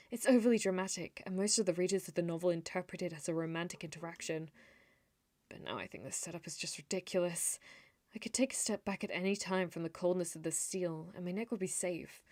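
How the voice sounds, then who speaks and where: A woman's voice: lowish voice, dry recording. Woman streamer reading a story game aloud. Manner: animated, laughs often, breaks off to comment.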